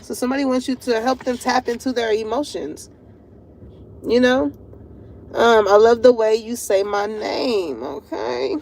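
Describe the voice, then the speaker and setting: A woman giving a casual tarot reading to her viewers, animated and slangy, laughing often. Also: fairly high pitch, unhurried, slight background noise. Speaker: tarot reader.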